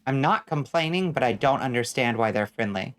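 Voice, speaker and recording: A woman's voice: extremely low pitch, expressive, a little fast. Young woman streamer, wry and blunt, riffing on chat while she plays, swears a bit. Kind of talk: casual gaming stream chat.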